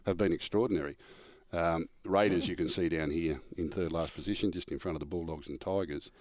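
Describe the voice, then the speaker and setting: A man's voice: sits low, brisk, dry recording. An older man, a former coach telling stories in casual chat, acting out the dialogue and laughing through the punchlines. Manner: animated storyteller, acts out quoted dialogue, laughs through punchlines. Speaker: former coach and show regular.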